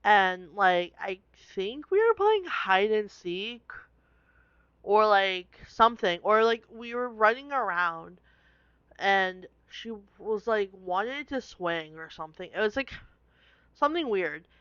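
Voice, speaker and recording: Chatty young woman with a smooth voice. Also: mid-range voice, lively intonation, takes it slowly, fairly bright tone, dry recording, highs cut off. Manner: chatty, laughing, with many "like" fillers. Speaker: vlogger. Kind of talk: casual storytelling.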